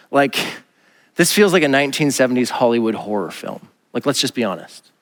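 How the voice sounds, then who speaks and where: A man, a pastor preaching a casual, animated sermon and acting out the voices he quotes. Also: mid-range voice, a little fast, long reverb tail. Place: church auditorium.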